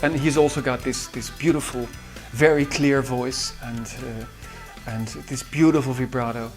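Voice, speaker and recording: A Dutch composer, speaking English with a Dutch accent, reminisces about his singers in an interview. His medium-pitched voice has fairly even intonation and an unhurried pace, and he hesitates often, with many fillers and restarts. Faint guitar music plays in the background.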